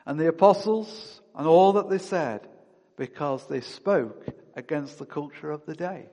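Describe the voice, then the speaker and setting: A man's voice: on the high side, a little slow, warm tone, long reverb tail. A man preaching a sermon, reading scripture aloud and then speaking with rising emphasis.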